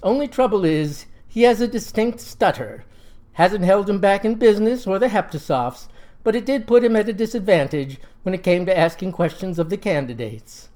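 A man's voice: high-pitched, moderate pace. Southern man, comic folksy narrator, dry and mock-serious. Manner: folksy, deadpan, mock-solemn. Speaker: storyteller.

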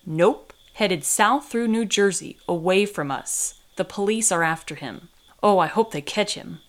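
A woman reading aloud as an excitable teenage girlfriend who talks eagerly in loud bursts. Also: mid-range voice, unhurried, lightly acted. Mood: chatty. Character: excitable gossipy teenage girl friend.

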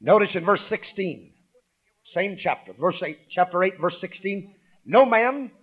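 A man preaching a sermon. He calls out to the congregation, swings from loud emphasis to hushed asides, and reads scripture aloud. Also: high voice, moderate pace, slightly rough, narrow, tinny audio.

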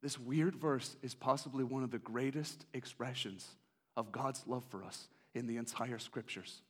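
A man preaching a sermon passionately, moving between hushed confession and excited storytelling. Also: medium pitch, normal speed, husky. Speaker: pastor.

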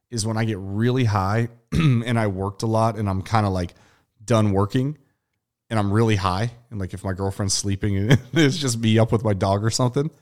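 A man's voice: fairly low pitch, darkish tone. A young man co-hosting a podcast in casual chat, rambling and swearing, laughing as he goes. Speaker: podcast co-host.

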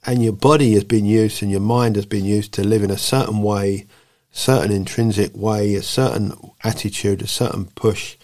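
A man's voice: on the low side, fairly even intonation, normal speed, darkish tone. A man co-hosting a casual faith podcast, mixing preachy talk with jokes. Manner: playful, preachy, breaks into jokey voices. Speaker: podcast co-host.

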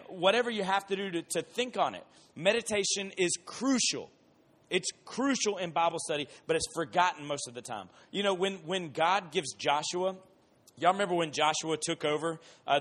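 A man gives a casual, conversational Bible lesson, moving between lively everyday examples and slow, emphatic repetition. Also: on the high side. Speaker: Bible teacher. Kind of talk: casual sermon.

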